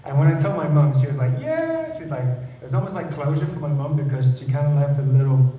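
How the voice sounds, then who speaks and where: A man's voice: mid-range voice, fairly even intonation, fast talker, warm tone, very echoey, far from the mic, muffled recording. A man, a panel guest, telling a personal story earnestly and repeating words as he goes.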